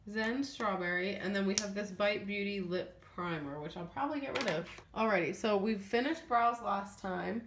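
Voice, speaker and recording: A chatty young woman talking through her makeup in a casual vlog, rambling and trailing off as she goes. She sounds a little sniffly and under the weather. Her voice bounces around an echoey room, with a faint hiss underneath. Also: mid-range voice. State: sniffly, feeling unwell. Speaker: beauty vlogger. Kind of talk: casual makeup declutter chat.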